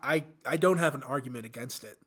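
A man's voice: medium pitch, fast talker, a bit bright, husky. A man co-hosting a film podcast in casual chat, teasing and easygoing, often laughing. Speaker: podcast co-host.

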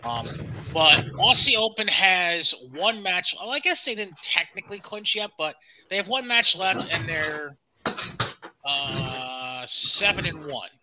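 A man's voice: high voice, expressive, a little slow, noisy background. A man hosting a casual wrestling podcast, loose and rambling, with plenty of ums. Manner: loose and rambling, swears, fills gaps with um and uh. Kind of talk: casual wrestling news chat.

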